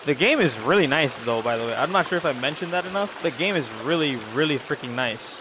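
A young gaming channel host gives casual let's-play commentary, rambling to his viewers and to the on-screen characters. He talks fast in a slightly high voice with lively intonation, over a noisy background.

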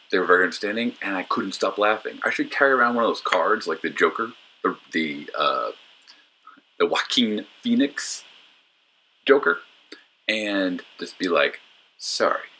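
A man with a deep, slightly husky voice talks over his own footage in a loose, joking way. His tone is bright and his pitch swings widely as he rambles and pokes fun at himself with plenty of ums and uhs. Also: very animated, moderate pace. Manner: joking, self-mocking, rambling with fillers. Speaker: disc golf vlogger. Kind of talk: casual voice-over commentary.

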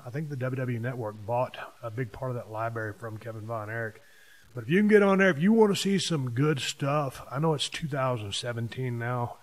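A man, hosting a podcast and telling stories from his past in a casual monologue, hitting key words with sudden louder bursts. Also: mid-range voice. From Texas. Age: 50s. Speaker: podcast host.

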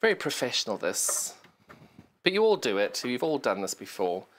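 With a sing-song, fairly bright medium-pitched voice at a moderate pace, a shopping channel presenter demonstrates sewing on live TV. She chats, pokes fun at herself, explains step by step and talks to the sewing machine, over slight background noise.

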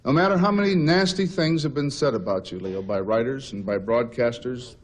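A man giving a mock-sincere roast tribute with a deadpan, earnest delivery, on a 1970s TV broadcast with faint hiss. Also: medium pitch, normal speed. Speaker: roast speaker.

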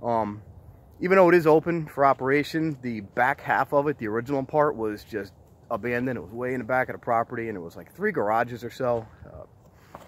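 A man's voice: mid-range voice, fairly quick. A man hosting a casual walk-and-talk vlog outdoors on top of a quarry, chatty and enthusiastic, rambling as he goes. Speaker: vlogger exploring abandoned sites.

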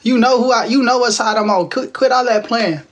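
A man's voice: extremely high pitch, a little fast, slight background noise. A man in his twenties from Texas, hosting a casual livestream from home on his phone, teasing viewers and answering their comments in playful slang. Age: 20s. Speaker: livestream host.

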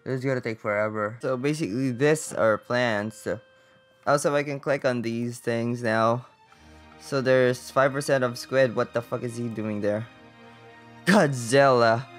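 Young male gamer, smooth clear voice, middle pitch, bemused running commentary with frequent swearing, faint music underneath. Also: steady tone, measured pace. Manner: bemused, swears often, thinks aloud. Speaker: gaming YouTuber. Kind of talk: casual let's-play commentary.

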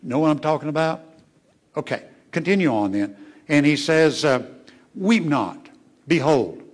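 Pastor, male, somewhat high voice, delivers a church sermon with emphatic peaks and soft asides. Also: moderate pace. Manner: preaching with emphatic rises and hushed asides, asking the congregation questions. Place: church sanctuary.

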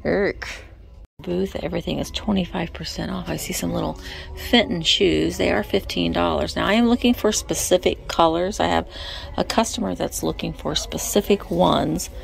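Faint store music plays as a woman browses an indoor antique mall's booths for her thrift-hunting vlog. Speaking at a moderate pace in a lowish, gravelly voice, she chats casually, addresses the items directly, and whispers occasional asides.

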